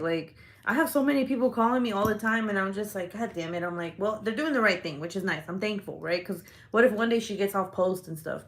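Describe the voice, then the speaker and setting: Laughing, swearing young woman telling a story. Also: medium pitch. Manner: animated and profane, laughing often, voices her own reactions. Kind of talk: casual storytelling on a livestream.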